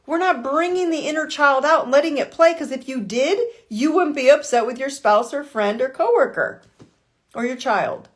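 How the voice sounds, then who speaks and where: A woman's voice: sits high, lively intonation, moderate pace. A woman life coach giving a blunt motivational talk on a live call, swearing and firing off rhetorical why questions.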